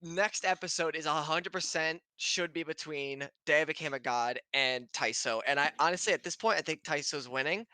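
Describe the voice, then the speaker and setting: A man's voice: a little high, moderate pace, few pauses, bright, forceful tone, clear, resonant tone, no echo. A young man on a casual podcast panel, blunt and joking in his opinions. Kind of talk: casual chat.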